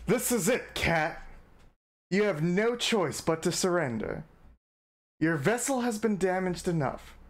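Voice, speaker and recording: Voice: medium pitch, lively intonation, unhurried, close to an everyday voice. A streamer playing a pompous game villain. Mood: commanding. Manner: pompous, commanding. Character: smug villain scientist in a mech.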